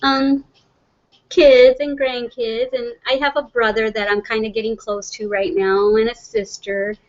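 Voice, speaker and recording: A woman's voice: on the high side, level tone, measured pace. Woman, middle-aged, livestream host, chatty and rambling, laughs a lot, slightly muffled audio. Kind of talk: casual livestream chat reading viewer comments.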